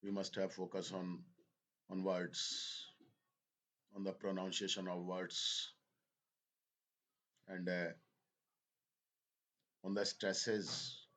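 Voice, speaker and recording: A male teacher with a lowish voice speaks to his class. He talks slowly, halts and repeats phrases as he explains. He slips into now and then. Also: level tone, a bit bright. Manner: slow, halting, repeats phrases, switches into Hindi. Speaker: English teacher. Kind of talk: slow spoken lesson.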